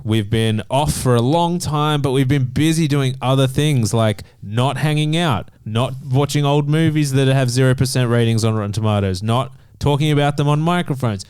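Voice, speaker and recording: Smooth-voiced Australian man, joking host. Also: mid-range voice, normal speed, hardly any pauses, a little mellow. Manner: joking, rambling storyteller. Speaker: podcast host. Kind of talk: casual chat.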